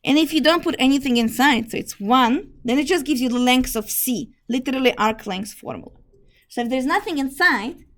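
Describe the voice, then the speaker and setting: Woman math teacher, hoarse from a fever, somewhat high voice, casual lecture, keeps clearing her throat. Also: animated, fairly quick, fairly bright tone. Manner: explains step by step, clears throat often.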